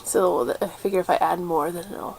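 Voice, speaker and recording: A woman hosting a crafting video podcast in casual chat, chatty and quick with asides, laughing often. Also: fairly low pitch, steady tone, gravelly, over a noisy crowd. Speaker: podcast host.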